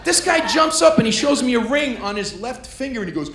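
A middle-aged stand-up comedian from New York works the crowd on a comedy club stage, telling a brash, punchy story. His voice is extremely high-pitched and sing-song, and he talks fairly quickly. The recording is echoey, with audience noise.

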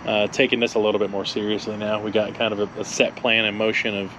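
A man's voice: lowish voice, level tone, quick pace, fairly bright tone, a little hiss or hum. A man co-hosting a car vlog, telling a road-trip story in a rambling way with a lot of laughing. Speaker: co-host of car channel. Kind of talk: casual chat, storytelling.

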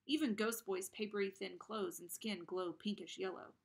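A woman reading a novel aloud, narrating in the first person in an expressive, dramatic way. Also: mid-range voice, moderate pace, creaky. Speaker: reader.

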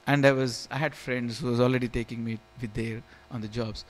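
A man's voice: medium pitch, fairly even intonation, brisk. A man teaching a scripture class in a temple hall, telling stories and often asking if listeners understand. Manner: storytelling, keeps asking "you understand?", chuckles.

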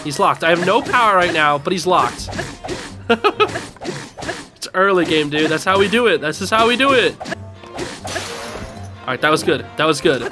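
A gaming host giving excitable let's-play commentary, reacting aloud and talking to on-screen enemies. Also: mid-range voice, moderate pace, long pauses, over music.

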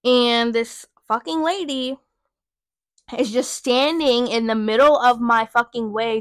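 A young woman in her early twenties hosts her own podcast and tells stories in a sassy, profane rant. Her voice sits a little high. It is recorded close and dry, with no room sound. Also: fairly even intonation, takes it slowly, no room sound. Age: young adult. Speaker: podcast host. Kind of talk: casual storytelling rant.

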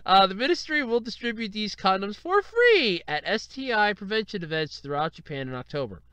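High, lively man giggling through a podcast. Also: a little fast, clear, resonant tone, no room sound. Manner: keeps breaking into helpless laughter while talking; animated, exaggerated and self-deprecating. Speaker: podcast host. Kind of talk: solo podcast commentary.

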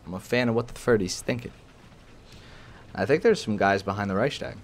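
A young man casually commentating his own tank gameplay, excitable and profane, often jumping into loud outbursts. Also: fairly low pitch, fairly quick. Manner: excitable, profane, bursts into shouts. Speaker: gaming channel host. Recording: faint game noise behind. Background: game artillery and battle noise.

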